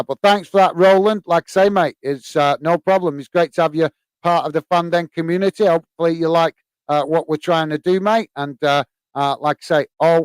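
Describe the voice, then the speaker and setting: A man's voice: fairly high pitch, clear, resonant tone, dry recording. Chatty male stream host, mate-heavy. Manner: relaxed, chatty, many fillers, calls listeners mate. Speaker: host of a football fan channel. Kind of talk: casual live-stream chat reading viewer comments.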